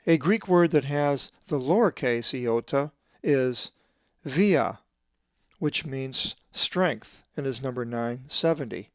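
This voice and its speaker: A man who translates the Bible, giving a scripted lesson on Greek pronunciation and slowly drawing out each example word. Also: medium pitch, animated, no echo, clean studio sound. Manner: methodical, drawn-out slow stress on Greek words.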